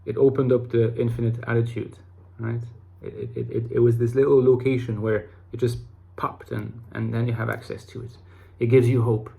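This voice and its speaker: A man's voice: medium pitch, level tone, normal speed, gravelly, few pauses, warm tone. Man musing aloud to his viewers. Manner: rambling, with many restarts and fillers. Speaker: YouTube host talking about personality types. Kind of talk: casual talk to camera.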